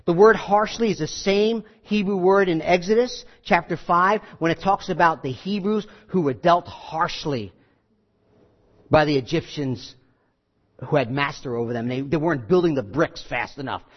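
High-voiced man preaching a sermon. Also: moderate pace, highs cut off. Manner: conversational preaching, animated, acts out scenes. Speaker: pastor.

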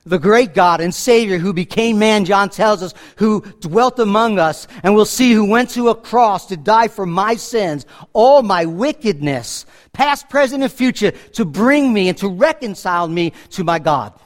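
A middle-aged man preaching a sermon as pastor, telling stories and swinging from hushed asides to loud emphasis. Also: high voice, expressive, a little slow, hardly any pauses.

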